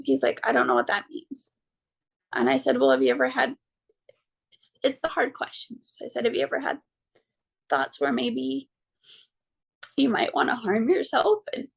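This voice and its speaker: Gravelly woman telling a personal story. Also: fairly high pitch. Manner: halting, frequent ums and restarts, quoting her own words. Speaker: podcast guest, mother. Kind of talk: personal story told in an interview.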